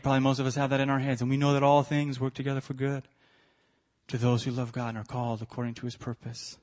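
A middle-aged male pastor preaching a sermon, swinging from quiet reflection to shouted emphasis. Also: medium pitch.

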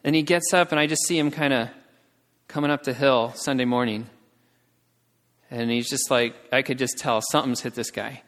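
A man's voice: fairly even intonation, normal speed, fairly bright tone. Storytelling man in a reverberant hall. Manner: emotional storytelling, acts out quotes with raised pitch. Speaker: missionary speaker. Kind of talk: sermon storytelling. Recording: long reverb of a large hall.

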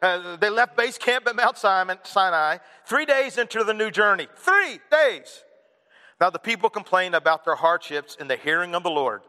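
A man preaching a sermon to his congregation, animated and playful, acting out whiny kids and an annoyed parent. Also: sits high, a little fast, few pauses, smooth. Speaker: pastor. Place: church hall. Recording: reverberant hall.

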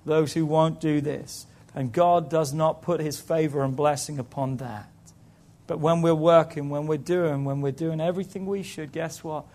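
Male pastor, high-pitched voice, preaching sermon, calls out to the congregation. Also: a little mellow. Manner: preaching with call-outs to the congregation; tells stories and voices the people in them.

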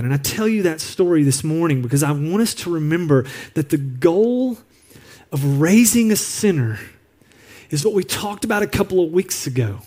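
A pastor delivers a sermon on parenting, sharing a personal story in an earnest, confiding manner. His voice sits on the high side and sounds warm and expressive at a normal speed. He was recorded separately from the congregation.

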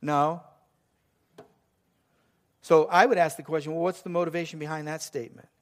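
A man's voice: fairly high pitch, fairly even intonation, moderate pace. A man in his sixties preaching a sermon, asking the congregation rhetorical questions and acting out voices of doubters. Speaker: pastor.

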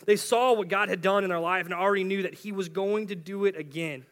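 A man's voice: high voice, a little fast, fairly bright tone. A young man preaching a casual youth sermon in a chatty way, with slang and frequent restarts.

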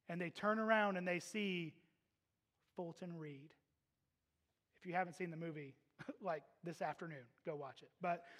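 A man with a high voice preaches a sermon, moving from hushed, low passages to loud, slow emphasis. He is emphatic and slips in humorous asides. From Texas.

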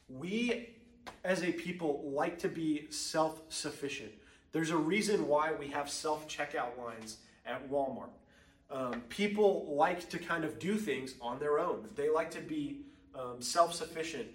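A young man gives a sermon, telling a childhood story in a loose, chatty way full of ums. His voice sits a bit high, and the room is echoey, with the mic well away from him. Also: distant mic. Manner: casual storytelling with frequent ums. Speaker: preacher.

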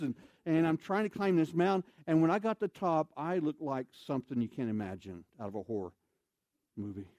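A man preaching in an animated storytelling style, swinging between loud bursts and hushed, low passages. His voice sits somewhat high for a man and is recorded dry and close, and he keeps asking the crowd questions as he acts the story out. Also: no echo. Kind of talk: storytelling sermon.

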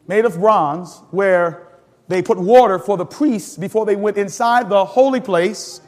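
A male pastor with a high-pitched voice leads an animated teaching sermon, calling out to the congregation for answers and amens. He laughs and surges into sudden emphatic peaks, his voice ringing with a long church-hall reverb.

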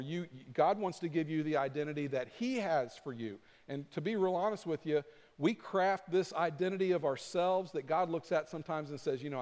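A man preaching a sermon as pastor, animated and acting out his points with rising intensity. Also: a little high. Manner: animated, acts out flapping with rising volume. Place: church sanctuary. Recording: long reverb of a church hall.

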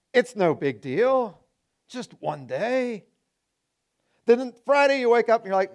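A man preaching a sermon as pastor, animated and acting out people's excuses in changing voices. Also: very high voice, takes it slowly, long pauses.

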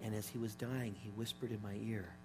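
A man retelling a tearful old nurse, hushed. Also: on the low side, fairly quick, music in the background, pitched below the performer's own voice, close to an everyday voice, poor audio. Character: elderly woman, a tearful former nurse. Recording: steady mains hum underneath.

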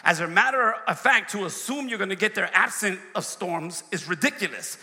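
A pastor preaching a sermon, swinging from quiet asides to shouted peaks, recorded in a church. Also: male voice, sits high, expressive, normal speed. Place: church sanctuary. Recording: long reverb of a large hall.

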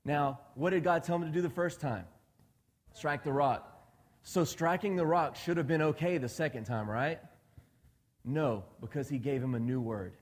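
A man's voice: fairly high pitch, normal speed. Man preaching in a reverberant hall. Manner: conversational, asks the congregation questions, acts out quoted dialogue. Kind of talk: sermon. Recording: long reverb of a large hall.

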